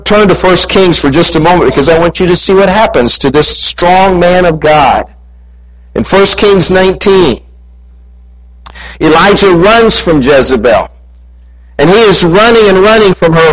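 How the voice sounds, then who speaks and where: Man preaching a lively sermon. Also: on the high side, rough recording. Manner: storytelling, reading scripture aloud with lively emphasis.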